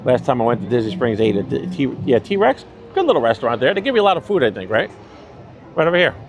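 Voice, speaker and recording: Fast-talking and swinging widely in pitch, this mid-range New York voice rambles and chuckles on a casual live stream. He holds his phone while riding a mobility scooter through a packed theme park full of crowd noise and loud music.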